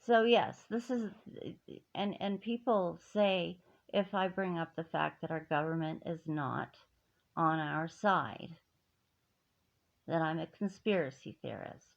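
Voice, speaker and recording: Telling a personal grievance straight to camera, this middle-aged woman sounds indignant and emphatic, restarting often. She has a deep, gravelly voice and speaks slowly, in a dull lo-fi recording.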